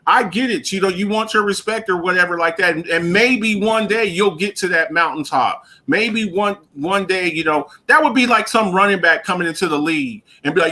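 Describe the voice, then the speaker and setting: A man's voice: high voice, moderate pace, few pauses, bright, forceful tone. A man co-hosting a radio show, talking sports in a casual, emphatic way, often repeating himself and laughing.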